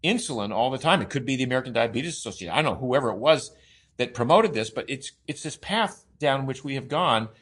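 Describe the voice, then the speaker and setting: A man in a relaxed podcast conversation, speaking at an ordinary middle pitch. He explains with enthusiasm, piling up long lists and circling back with restarts and fillers. His delivery stays emphatic and persuasive. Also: quick pace, breathy edge. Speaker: podcast guest, co-author of a diet book.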